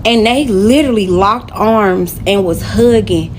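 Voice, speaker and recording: A woman's voice: medium pitch, unhurried, background noise. A woman telling a personal story to her camera in a casual, emotional way, speaking straight to her viewers.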